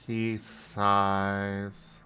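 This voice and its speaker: A man's voice: on the low side, completely flat delivery, bright, forceful tone, slight background noise. A man in a tabletop game describing his character's actions in short, terse third-person lines. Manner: slow, terse. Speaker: player.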